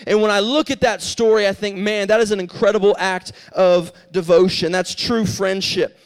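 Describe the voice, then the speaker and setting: A young man delivers a youth sermon in a high, light voice. He tells a story with animated energy, pushing his voice up when he acts out the characters, then drops into earnest preaching. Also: clean tone. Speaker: youth pastor.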